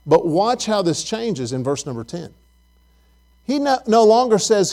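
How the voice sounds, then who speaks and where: A man's voice: high voice, very animated, normal speed, a little mellow. A man preaching a Bible lesson, asking his listeners questions and often repeating words as he goes.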